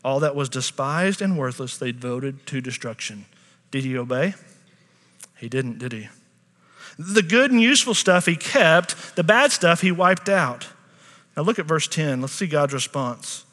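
A middle-aged pastor gives a sermon at a measured pace, his tone easygoing and chatty as he pauses to ask the congregation questions. His slightly high voice is followed by a long reverb from the sanctuary.

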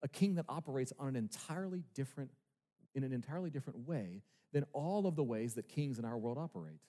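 Male pastor, sermon, emphatic rhetorical questions, lively pitch, large reverberant church. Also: quick pace. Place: church sanctuary. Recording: long reverb of a large hall.

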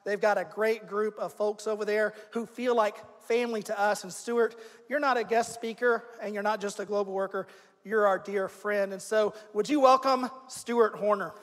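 A very high-voiced male pastor opens the service, introducing the passage and welcoming a guest speaker to the pulpit. His upbeat, welcoming words carry a long reverb from the large hall around him. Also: steady tone, normal speed. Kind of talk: introducing a sermon.

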